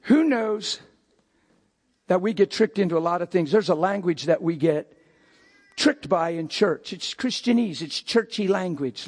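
An older man preaching a sermon as pastor, breaking into sudden shouted outbursts between plain talk. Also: high voice, animated, unhurried.

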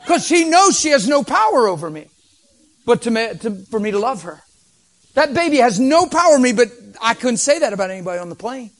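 A man preaching, telling a story with vocal sound effects and sometimes dropping to a soft near-whisper. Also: very high voice, very animated, brisk. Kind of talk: storytelling sermon.

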